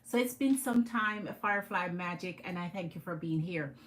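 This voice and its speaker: A woman's voice: lowish voice, normal speed, rough recording. A woman with a Jamaican accent hosting a live tarot stream, chatting with her viewers and greeting them by name.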